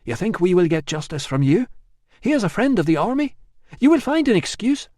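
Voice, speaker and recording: A man's voice: sits high, sing-song, brisk, darkish tone, no echo, clean studio sound, pitched above the performer's own voice. A man doing a fierce defiant tribeswoman. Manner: cold, hissing, defiant.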